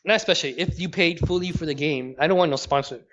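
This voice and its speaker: Man, fairly high voice, blunt, opinionated, swears, casual gaming chat, dull lo-fi call audio. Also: quick pace, a bit bright. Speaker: podcast co-host.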